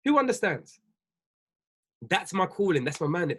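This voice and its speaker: A business coach preaches to his livestream viewers in a husky voice. His pitch leaps and dips all over as he repeats his points with emphasis, laughing often between them. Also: expressive, normal speed, pauses often, a bit bright. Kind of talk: livestream motivational talk.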